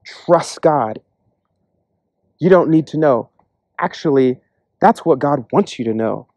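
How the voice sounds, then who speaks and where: A man preaching a casual, earnest sermon, acting out imagined voices in quick asides. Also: on the high side, animated, a little mellow, no echo.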